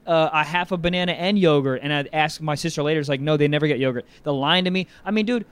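A young man co-hosting a podcast, chatting casually and crudely with a rambling, animated manner. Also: a little high, fast talker, smooth. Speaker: podcast co-host. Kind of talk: casual comedic chat.

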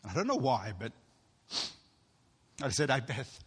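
A man's voice: medium pitch, very animated, a little slow, a bit bright, husky. A man preaching a sermon as pastor, earnest and storytelling, acting out what other people said. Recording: long hall reverb.

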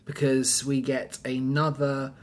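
A man co-hosting a relaxed film review chat. He is opinionated and emphatic, leaning hard into his views. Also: mid-range voice, slow pace. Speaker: podcast co-host.

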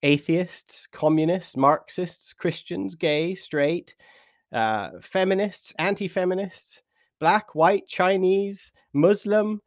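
A British man hosting a podcast interview in a chatty, animated way, laughing easily. His voice sits a little high, and the close mic gives a dry sound with no room around it. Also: slow pace, no room sound. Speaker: podcast host.

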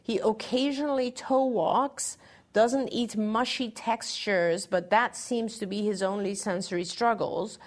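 A woman's voice: medium pitch, steady tone, measured pace. Earnest middle-aged woman giving advice. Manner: earnest, encouraging, restarts phrases. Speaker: podcast co-host answering parent questions. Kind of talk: casual advice talk.

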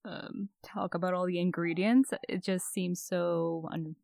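A woman's voice: lowish voice, steady tone, a little slow, darkish tone, no echo, studio quality. A woman co-hosting a podcast, chatting casually and musing aloud with fillers. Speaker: podcast co-host. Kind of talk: casual chat.

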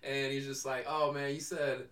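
A man's voice: mid-range voice, little pitch movement, moderate pace, fairly bright tone. A young man from Northern California with a NorCal accent hosting a casual podcast, laughing often and swearing freely. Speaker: podcast host. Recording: roomy echo.

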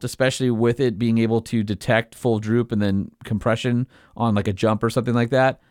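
A man co-hosting a podcast in casual chat, explaining things in technical detail with plain excitement. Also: mid-range voice, dry recording, studio quality. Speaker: podcast co-host.

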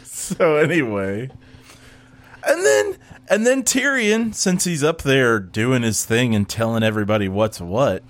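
A man's voice: medium pitch, very animated, measured pace. A man in casual chat, sarcastically recapping a TV show and acting out the characters. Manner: sarcastic, acts out characters mid-story.

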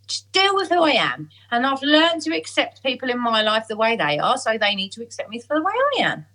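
Animated breathy woman. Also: fairly high pitch, a little fast, low-quality recording. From Essex, England. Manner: animated, chatty storytelling. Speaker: singer-songwriter guest. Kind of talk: casual conversation.

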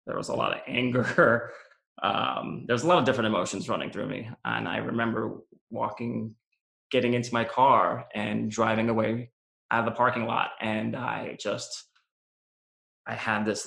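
A man's voice: fairly low pitch, flat delivery, measured pace, creaky, a bit bright. A man being interviewed, telling his own story candidly and reflectively, with lots of "um" and "you know". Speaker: interview guest, business founder. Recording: roomy echo.

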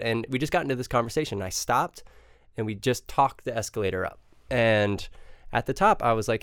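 Smooth-voiced man, dry close sound. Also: medium pitch, normal speed, dry recording. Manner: relaxed storytelling with ums and self-mocking jokes. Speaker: podcast guest. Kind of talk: casual chat.

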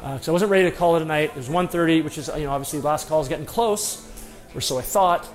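A man's voice: a little high, fast talker, soft background music. Rambling man telling a self-deprecating story. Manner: rambling, self-deprecating, frequent fillers and restarts. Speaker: former pro hockey player telling a story. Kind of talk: casual anecdotal storytelling.

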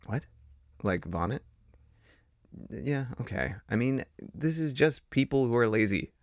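Man, low gravelly voice, wry playful podcast banter, dry sound. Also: animated, a little slow, no room sound. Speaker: podcast co-host.

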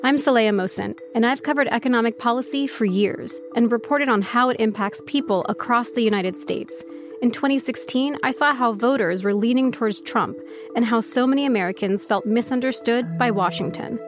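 Lady reading a podcast ad, higher voice, music under it. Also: a little fast. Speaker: podcast host in an ad. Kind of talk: scripted ad read.

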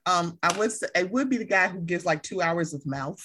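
A woman co-hosting a podcast in casual, animated chat, laughing and swearing freely. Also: fairly low pitch, brisk, a little hiss or hum. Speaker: podcast co-host.

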